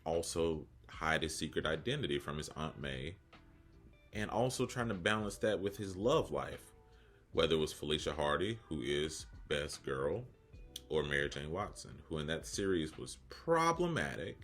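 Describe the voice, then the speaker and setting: A man in his thirties with an extremely deep voice that still has a bright, forward edge, talking through a casual video essay. He rambles off on joking side tracks and pokes fun at himself, with faint music underneath. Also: big pitch swings, moderate pace. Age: 30s. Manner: rambling, joking asides, self-deprecating.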